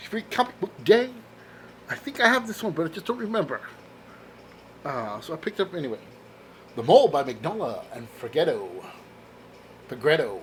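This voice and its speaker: A man's voice: fairly high pitch, slight background noise. A man chatting casually in a vlog as he shows off a comic book haul, enthusiastic and laughing at his own jokes. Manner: enthusiastic, exclaims over covers.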